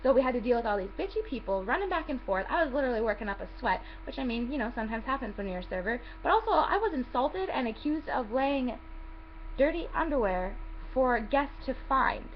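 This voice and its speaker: A young woman vlogger tells a work story in a casual, exasperated way, swearing and acting out the lines of the people involved. Her voice sits a bit high. The audio is slightly dull and lo-fi, with a faint hiss underneath. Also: sing-song, fairly quick.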